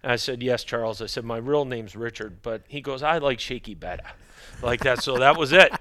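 A man's voice: medium pitch, fairly quick, pushed and bright. A middle-aged man, a hockey equipment manager, telling rambling stories as a podcast guest and dropping his voice to quote other people. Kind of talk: casual storytelling chat.

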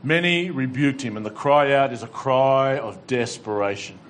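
A man's voice: mid-range voice, moderate pace, slight background noise. A male pastor preaching a sermon to a congregation, fervent and exhorting, with dry humorous asides. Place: church hall with congregation.

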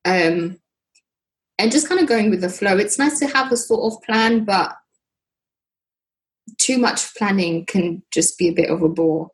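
A woman's voice: mid-range voice, unhurried, pauses often, rough recording. Chatty British woman telling stories. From Britain. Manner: chatty, lively storytelling with frequent fillers. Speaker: guest. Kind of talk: casual conversation.

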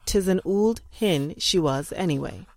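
A reader voicing a merry, quick-witted old Irish widow who is small and dumpy, with a cheerful, teasing Irish accent. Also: mid-range voice, animated, no echo.

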